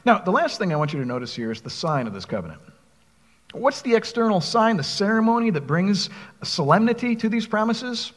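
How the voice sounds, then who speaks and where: Preacher guy, high lively voice, a bit husky, big hall echo. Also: a little fast. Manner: expressive preaching, reads scripture aloud, asks the congregation questions. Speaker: pastor. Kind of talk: sermon.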